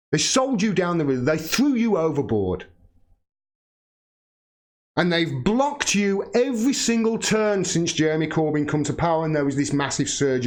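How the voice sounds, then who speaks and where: A man delivering a heated political rant to his viewers, swearing and lashing out. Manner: heated, swearing, rising to shouting pitch. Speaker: political commentator. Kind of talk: angry political rant to camera.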